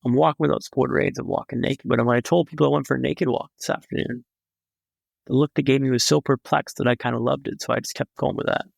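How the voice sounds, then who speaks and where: A man's voice: mid-range voice, fairly even intonation, fast, vocal fry, no room sound. A young man, a podcast guest, telling a story in a vivid, dramatic way with wry humor. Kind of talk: storytelling in a conversation.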